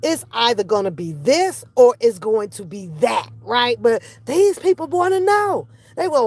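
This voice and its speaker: A woman's voice: fairly high pitch, measured pace, few pauses, no echo. A woman hosting a reaction channel, ranting in casual, profane commentary and mimicking the people she talks about. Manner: animated, profane, mimics others.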